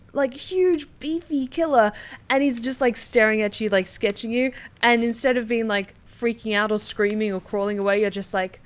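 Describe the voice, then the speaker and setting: A young woman streamer reading a dating game aloud, chatty and animated. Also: fairly high pitch. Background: game music.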